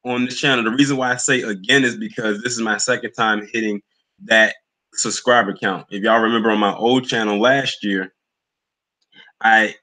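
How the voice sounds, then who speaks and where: A man's voice: lowish voice, fairly even intonation, normal speed, sharp tone, low-quality recording. A young man hosting a livestream, chatting loosely and greeting commenters by name. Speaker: livestream host. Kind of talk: casual live chat with viewers.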